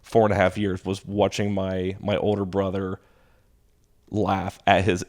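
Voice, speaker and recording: Laughing, animated male comedian telling stories. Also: low-pitched, unhurried. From Texas. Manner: animated, laughs while telling stories, acts out quoted voices. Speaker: stand-up comedian guest. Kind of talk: casual storytelling chat.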